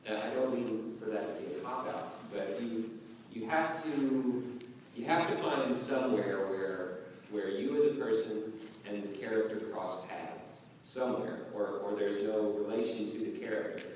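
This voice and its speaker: A man's voice: fairly low pitch, normal speed, far from the mic, a little hiss or hum. Chuckling man in an echoey hall. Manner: relaxed, chuckling, rambling storyteller. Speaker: voice actor guest on a convention panel. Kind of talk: casual panel talk. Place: large convention hall.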